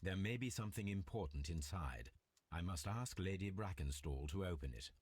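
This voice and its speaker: An actor playing a calm, methodical Victorian detective in a video game, questioning witnesses in measured, formal speech. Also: male voice, low voice, breathy edge, dry recording. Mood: probing.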